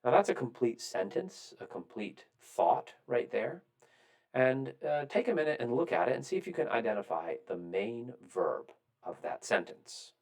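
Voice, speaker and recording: A man's voice: medium pitch, big pitch swings, normal speed, vocal fry, darkish tone. A man teaching a poetry lesson in a recorded lecture, explaining step by step and asking questions he then answers himself.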